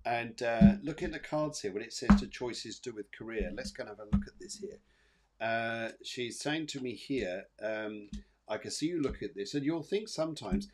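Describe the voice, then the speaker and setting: In a very noisy recording, a psychic medium and show host speaks in an expressive mid-range voice at normal speed. Live on air, he reassures viewers by name with soothing readings that meander, repeat phrases and are riddled with fillers and restarts.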